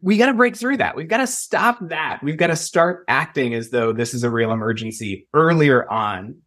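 A man being interviewed as a safety expert, explaining in an earnest, measured way. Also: on the high side, animated, a bit bright. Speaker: school safety expert guest. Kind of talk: conversational interview. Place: Los Angeles.

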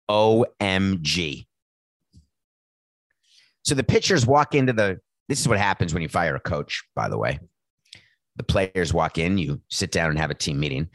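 A deep-voiced man hosts sports talk at a normal speed in a dry recording, expressive, worked up and sarcastic. In an animated monologue, he acts out exchanges between team officials.

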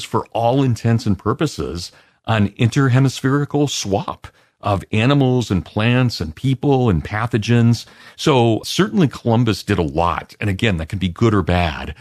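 A man answering interview questions as a guest historian, in an expansive, lecturing way with lively emphasis. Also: low-pitched, dry recording, clean studio sound.

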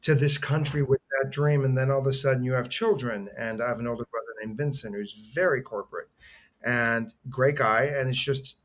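A middle-aged actor, appearing as a podcast guest, tells a heartfelt story in a medium-pitched, slightly bright voice at a fairly quick pace. He's earnest and conversational, rambling and often restarting his sentences.

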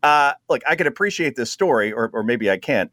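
A man hosting a radio talk show, sarcastic and quick to laugh at his own jokes while he cues up clips. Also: medium pitch, expressive, pushed and bright, dry recording, studio quality. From New Jersey.

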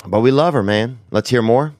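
A man hosting a podcast, telling rambling, profane, slangy stories with sudden loud bursts. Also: mid-range voice, normal speed, no echo, clean studio sound. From United States. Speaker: podcast host. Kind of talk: casual podcast storytelling.

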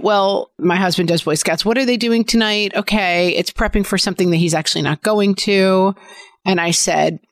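In a clean studio recording without echo, a medium-pitched woman in her forties co-hosts a podcast. She speaks conversationally, sharing parenting stories from home.

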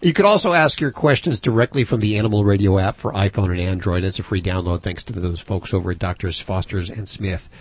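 A man hosting a radio call-in show, chatty and teasing, a bit hoarse as he talks into a studio mic. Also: sits low, fast, few pauses. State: losing his voice. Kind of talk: casual radio chat.

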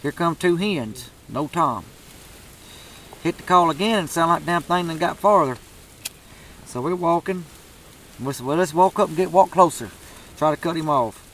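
A man's voice: a little high, fairly bright tone, slight background noise, rough recording. A man telling a turkey hunting story in a drawling, profane, laid-back way. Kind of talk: casual storytelling.

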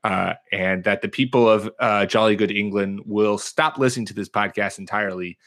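Bright-voiced joking podcast host man. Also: fairly low pitch, fairly even intonation, moderate pace. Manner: joking, rambling with fillers. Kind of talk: casual sports chat.

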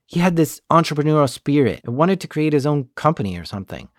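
A male podcast host reading scripted narration in a calm, even storytelling manner. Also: a little high, fast, no room sound, studio quality. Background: background music.

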